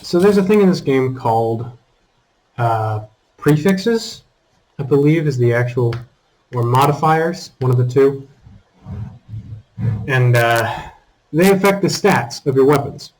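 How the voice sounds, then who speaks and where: A man giving casual commentary over his own gameplay, taunting enemies and breaking into high exclamations. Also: a little slow, pauses often, rough recording. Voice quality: calls his own voice squeaky. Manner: animated, talks to enemies, jumps to high exclamations. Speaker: gaming channel host.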